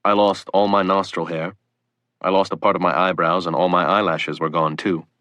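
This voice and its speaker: Man, deep voice, dry close sound, conversational audiobook reading. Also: flat delivery, normal speed, sharp tone, no room sound. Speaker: audiobook reader. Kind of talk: first-person audiobook narration.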